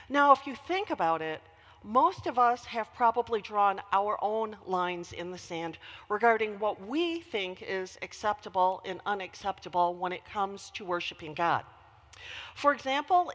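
Woman preacher, animated storyteller, fairly high voice, reverberant hall. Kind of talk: sermon.

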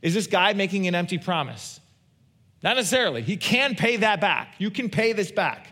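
A man's voice: high voice, big pitch swings, normal speed, sharp tone. A pastor preaching a conversational sermon, asking his listeners questions and answering them. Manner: conversational, asks the congregation questions.

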